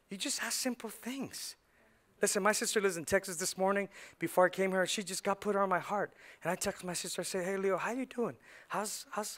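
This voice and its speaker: A man's voice: a little high, fairly bright tone. A male pastor preaching a passionate sermon in a church, leading the congregation in call and response. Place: church sanctuary.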